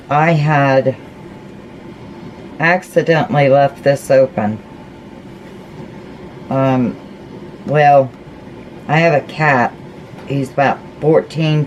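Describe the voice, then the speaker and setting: A woman with a low voice talks slowly and folksily as she works on a craft project. She chats to her viewers and to herself between tasks. Faint room noise sits under her voice. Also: darkish tone, low-quality recording. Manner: chatty, folksy, talks to herself while painting. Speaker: crafting vlogger. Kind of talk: casual craft tutorial chat.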